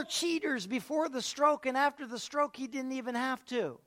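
High-voiced man preaching a sermon. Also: moderate pace, few pauses, some chatter behind. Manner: storytelling, swings from hushed to loud.

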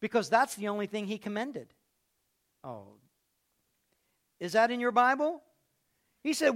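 A man preaching a sermon, telling a story and swinging between hushed delivery and loud, raised passages. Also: sits high, very animated, unhurried, long pauses.

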